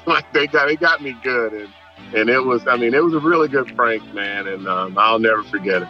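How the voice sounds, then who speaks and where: A young man from Mississippi, an athlete telling an animated story in an interview. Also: medium pitch, moderate pace, lo-fi sound, faint music behind. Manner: animated storyteller, quotes people in lively voices, laughs along. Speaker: baseball player.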